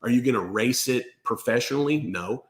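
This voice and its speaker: A man voicing a client who gives flat, terse answers. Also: medium pitch, brisk, close to an everyday voice. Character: flat-voiced client asking about a boat.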